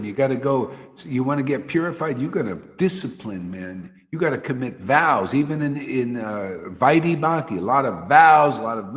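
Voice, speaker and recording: A man giving a devotional sermon as a spiritual teacher, exhorting and colloquial. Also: fairly high pitch. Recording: reverberant hall.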